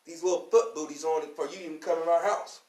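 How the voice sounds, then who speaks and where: A man's voice: a little high, fairly even intonation, fast talker, darkish tone, roomy sound, distant mic, natural voice. A man quoting a bossy rich homeowner who gives curt orders to a worker.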